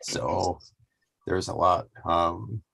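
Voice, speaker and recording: A man co-hosting a podcast, giving wrestling reports in a laid-back, halting way. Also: low-pitched, steady tone, vocal fry, a bit bright, husky, no room sound. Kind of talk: casual wrestling podcast chat.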